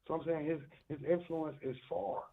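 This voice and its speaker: A man's voice: on the high side, fairly even intonation, normal speed. A man calling in to a talk show by phone, speaking passionately and emphatically. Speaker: caller. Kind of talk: phone call-in. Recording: tinny phone line.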